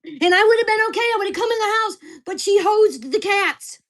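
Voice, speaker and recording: A woman's voice: extremely high pitch, lively intonation, fairly quick, a bit bright. An older woman venting angrily and profanely in a casual vlog rant. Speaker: vlogger.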